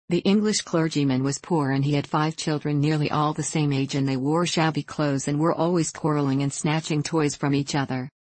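An audiobook narrator reading a classic children's novel in a measured, even way. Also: mid-range voice, dry recording. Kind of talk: scripted narration.

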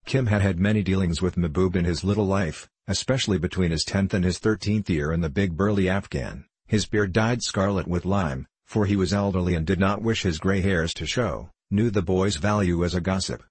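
Deep husky male audiobook narrator. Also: moderate pace, few pauses, dry recording. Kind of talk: scripted narration.

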